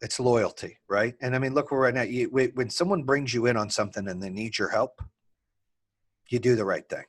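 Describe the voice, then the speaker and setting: A man telling the story of building his business in an animated, candid way, swearing casually and acting out both sides of old arguments. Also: medium pitch, brisk, husky.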